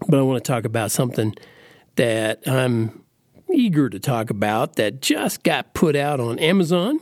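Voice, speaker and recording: A man's voice: mid-range voice, lively intonation, normal speed, darkish tone, dry recording. A man hosting his own podcast, talking in a playful, chatty, casual monologue. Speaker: podcast host.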